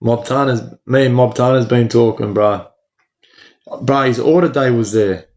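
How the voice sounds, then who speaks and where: A man's voice: medium pitch, unhurried, a little mellow. Australian man chatting on a livestream. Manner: slangy, talks to chat by name, says "bro" a lot. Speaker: livestream host. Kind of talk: casual livestream chat with viewers.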